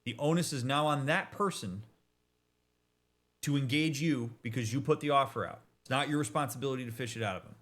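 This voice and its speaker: Man, therapist, casual commentary, emphatic and direct, mid-pitched voice. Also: fairly bright tone. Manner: emphatic, direct, with quick asides and restarts. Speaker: therapist reacting to a game.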